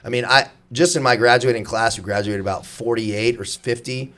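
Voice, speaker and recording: A man's voice: mid-range voice, normal speed, slight background noise. A man in his thirties, a former soldier guest on a podcast, telling stories in casual, profane, laugh-filled chat. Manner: profane, laughing, animated storytelling.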